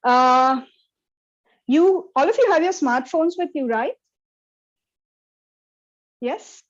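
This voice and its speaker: A woman gives an interactive lecture over a video call, her voice sitting a little high. She keeps turning to her listeners with questions. The call audio sounds dull and lo-fi. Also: animated, slow. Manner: interactive, checks in with the audience often. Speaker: workshop presenter. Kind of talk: online lecture.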